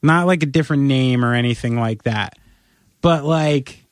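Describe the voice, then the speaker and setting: Animated, persuasive man on a podcast. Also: moderate pace, no room sound, studio quality. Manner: animated, playfully persuasive, talks in long run-on pitches. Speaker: podcast co-host. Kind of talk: casual podcast chat.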